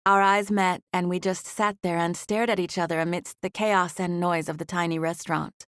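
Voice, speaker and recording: A woman narrating a romance audiobook in the first person, with expressive storytelling. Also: on the low side, normal speed, clean tone, dry recording, clean studio sound.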